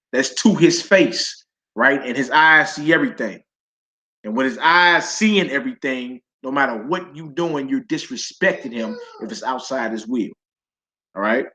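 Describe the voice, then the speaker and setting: A man's voice: medium pitch, fairly bright tone. Casual St. Louis man preaching. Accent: St. Louis, Missouri. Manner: casual preaching with slang asides to the audience. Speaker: teacher of a religious assembly. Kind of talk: sabbath teaching, scripture study. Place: assembly hall with an audience.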